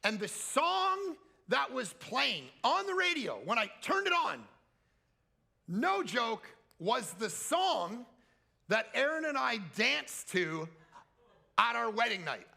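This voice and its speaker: Animated gravelly male preacher. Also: slow pace. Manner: animated storytelling with shouted high peaks. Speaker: pastor. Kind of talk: sermon. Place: camp meeting hall.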